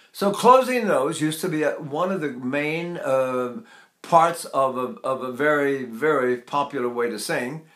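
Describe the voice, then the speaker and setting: A man's voice: a little high, a bit bright. An older man teaching singing technique, talking in a rambling way and breaking into sung vowels to demonstrate. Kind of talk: vocal lesson with sung demonstrations. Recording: echoey room.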